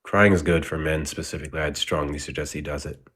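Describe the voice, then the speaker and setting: A husky man co-hosting, speaking in a dry, matter-of-fact way. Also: rumbling low, steady tone, fast talker, a bit bright.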